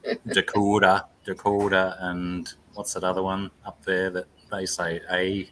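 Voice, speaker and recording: A man's voice: sits low, monotone, unhurried, fairly bright tone, slight background noise, low-quality recording. A man chiming in casually during a livestream chat. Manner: chatty, chiming in.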